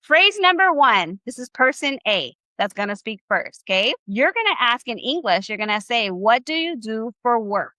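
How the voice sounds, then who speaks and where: A woman teaching Spanish live online with a bright, forceful voice pitched a little high. Her delivery is upbeat and coaching, and she keeps firing questions at her viewers. The sound is close and dry. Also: sing-song, moderate pace, few pauses, no echo. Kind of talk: live online language class.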